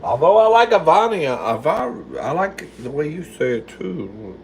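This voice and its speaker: A man's voice: fairly high pitch, very animated, measured pace, vocal fry, a little hiss or hum. A man hosting a casual livestream from his kitchen while he cooks, answering viewer comments in a sassy, foul-mouthed way and calling everyone "girl.". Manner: sassy, swears a lot, calls viewers "girl". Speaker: livestream host. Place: home kitchen.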